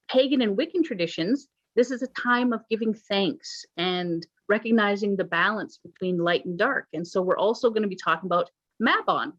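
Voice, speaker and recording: A woman hosting a church service, telling pirate jokes and giving playful announcements. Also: mid-range voice. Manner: playful, joking, with pirate banter. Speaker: worship service host. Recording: dull lo-fi recording.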